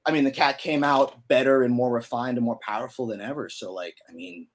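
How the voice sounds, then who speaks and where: This Pennsylvania man in his thirties, a guest musician, spins casual stories full of slang and filler words. He talks a little fast in a medium-pitched voice.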